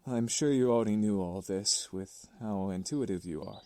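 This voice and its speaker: A man voicing a soft-spoken gardener. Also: on the low side, no echo, close to an everyday voice. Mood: musing. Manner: soft-spoken, unhurried, musing. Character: gentle, thoughtful young man tending a garden. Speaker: visual novel character.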